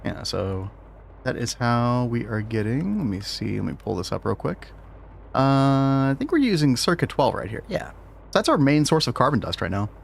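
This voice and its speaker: A man's voice: medium pitch, very animated, normal speed, gravelly, a little hiss or hum. A man chatting casually with his viewers and co-player while streaming a game, laughing often. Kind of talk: casual gaming livestream chat.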